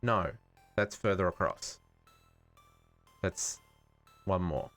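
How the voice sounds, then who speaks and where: A man's voice: low voice, expressive, takes it slowly, fairly bright tone, soft background music. Australian man musing aloud while gaming. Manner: thinking aloud, musing and self-correcting. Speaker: streamer. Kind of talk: casual live-stream gaming chat.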